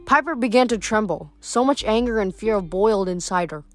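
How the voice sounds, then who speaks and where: A woman reading a novel aloud in steady storytelling narration. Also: medium pitch, fairly quick, faint music behind. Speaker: reader.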